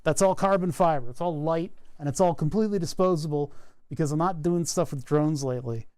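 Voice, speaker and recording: A man chatting casually to his live-stream viewers while he tinkers with electronics at his workbench, relaxed and self-deprecating, chuckling often. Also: a little high, a little fast, clean tone. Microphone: wired microphone at his workbench.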